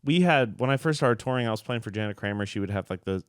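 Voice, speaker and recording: A man's voice: on the low side, expressive, quick pace, smooth, no echo, clean studio sound. A man co-hosting a podcast, telling rambling stories full of fillers as a touring musician. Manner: rambling, filler-heavy storytelling. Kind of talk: casual podcast chat.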